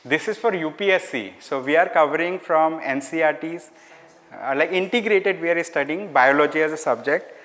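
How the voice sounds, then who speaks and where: A man's voice: fairly high pitch, fairly bright tone. Indian man teaching in an echoing hall. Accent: Indian English. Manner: explains slowly, repeats key words, mixes in Hindi phrases. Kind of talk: online class lecture. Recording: hall-like reverb.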